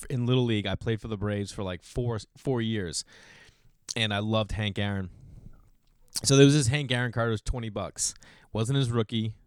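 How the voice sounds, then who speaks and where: A man in his forties telling rambling, self-deprecating stories in a casual monologue, clearing his throat now and then. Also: no echo, clean studio sound. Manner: rambling, self-deprecating, gets louder and higher when excited. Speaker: podcast host.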